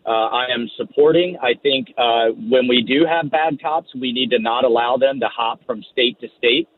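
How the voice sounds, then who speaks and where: A man speaking as a congressman guest on a radio show, firm and steady in his talking points. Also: mid-range voice, normal speed. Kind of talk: phone-in radio interview. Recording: tinny phone line.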